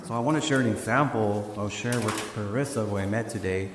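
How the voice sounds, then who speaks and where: A man tells a story at a live event in a slangy, animated way, acting out what people said. His voice sits a little low. The sound is roomy, with a long hall reverb and faint ambience behind him. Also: fairly quick, a little hiss or hum. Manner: animated, slangy, acts out quoted dialogue. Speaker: speaker sharing a personal story. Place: large room before a live audience.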